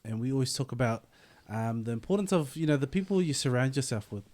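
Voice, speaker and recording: A man's voice: medium pitch, lively intonation, fast talker, a little mellow. Kiwi guy hosting a podcast, mid voice, reflective, lots of um and restarts. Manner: reflective, restarts often, many "um". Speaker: podcast host. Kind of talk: casual interview talk.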